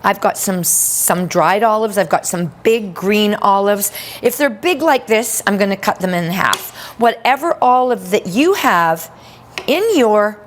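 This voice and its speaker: A woman's voice: medium pitch, animated, unhurried, a little hiss or hum. A woman giving an upbeat cooking demonstration in a kitchen, chatting with playful asides.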